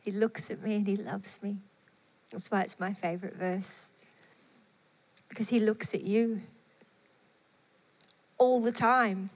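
A woman preaching a sermon with fervent delivery, rising to emphatic peaks and falling to hushed, soft phrases. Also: mid-range voice, fairly even intonation, takes it slowly, long pauses. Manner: fervent, swelling and dropping to soft tones. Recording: long hall reverb.

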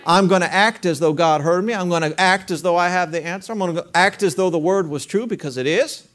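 Male pastor, high-pitched, conversational sermon with call-and-response. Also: brisk, fairly bright tone. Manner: conversational preaching with rhetorical questions and call-and-response.

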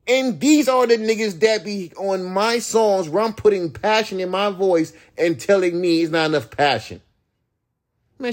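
A man rants on his own podcast, heated and profane. His voice sits a little high for a man and swings widely in pitch. He mocks the people he is talking about by mimicking them. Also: a little mellow. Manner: imitates critics in a higher voice. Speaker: rapper and podcast host. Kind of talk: ranting solo podcast.

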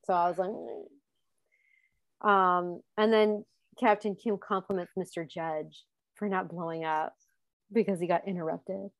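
A woman's voice: lowish voice, fairly even intonation, normal speed, no room sound. A woman co-hosting a podcast, casually recapping a show, laughing often and acting out lines. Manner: chatty, laughs often, acts out quotes. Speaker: podcast co-host.

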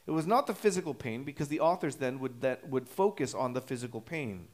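With a mid-range, darkish voice and lively intonation, a male pastor preaches an expository sermon. He teaches in a measured, explanatory way, pausing often with "uh" and restarting.

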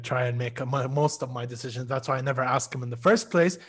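A man's voice: mid-range voice, racing, slightly rough. A young man in casual chat, telling stories with laughs and casual swearing.

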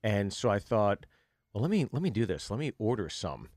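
Middle-aged male comic co-host, animated storyteller, bone-dry studio sound. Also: lowish voice, fairly quick, no echo. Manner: animated storyteller, acts out quotes, laughs often. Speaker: podcast co-host. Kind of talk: casual chat, comic storytelling.

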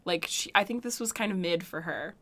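A woman's voice: on the low side, brisk, a bit bright. Young woman, podcast co-host, giggly, rambling, casual film chat. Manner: giggly, rambling, many restarts and laughs.

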